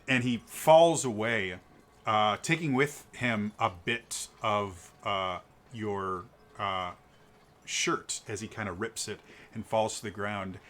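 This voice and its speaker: Game master guy narrating, slow and bright, lots of ums. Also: lowish voice. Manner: hesitant, filler-heavy.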